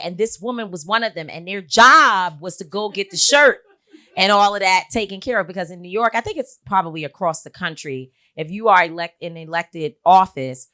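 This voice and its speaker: Bright, low-pitched woman activist. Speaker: activist guest. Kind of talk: casual chat.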